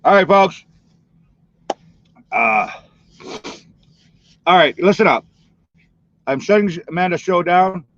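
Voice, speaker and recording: A man's voice: high-pitched, animated, slow, long pauses, fairly bright tone, dry recording. A man talking casually on a live stream, filling in for the host in a rambling, chatty way. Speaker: stand-in streamer. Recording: dull lo-fi dry stream audio.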